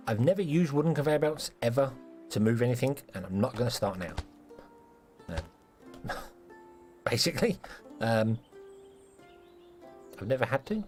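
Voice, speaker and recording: A man's voice: medium pitch, expressive, a little slow, long pauses, darkish tone, soft background music. A man giving casual, self-mocking commentary while live-streaming a building game, playfully scolding the characters in it.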